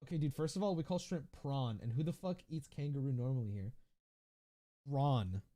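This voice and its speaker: A man's voice: medium pitch, moderate pace, dark tone. A young man in his twenties chatting on a casual livestream, rambling with lots of swearing, fillers and restarts as he reads viewer comments. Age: 20s.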